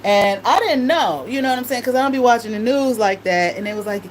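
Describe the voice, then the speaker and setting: A woman's voice: on the high side, expressive, quick pace, a little hiss or hum, rough recording. Laughing, profane storyteller woman. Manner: profane, laughs often, quotes others in voices. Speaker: tarot reader and channel host. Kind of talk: casual storytelling monologue.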